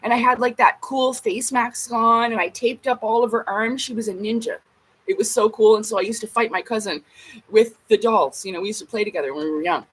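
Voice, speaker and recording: A woman's voice: fairly high pitch, brisk, slightly rough, low-quality recording. A woman vlogger in a casual ranting monologue, blunt and emphatic, swearing heavily.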